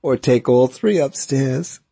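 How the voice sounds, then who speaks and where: A man voicing a smirking red-haired young woman who teases in hushed, mocking tones during a storybook reading. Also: on the low side, very animated, a little slow, vocal fry, slightly rough, dry recording, full character voice.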